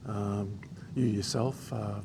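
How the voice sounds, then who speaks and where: A man's voice: on the low side, fairly even intonation, slow pace, vocal fry, background noise. A man, a player's family member, recalling a goal hesitantly. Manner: hesitant, with many fillers. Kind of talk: casual interview.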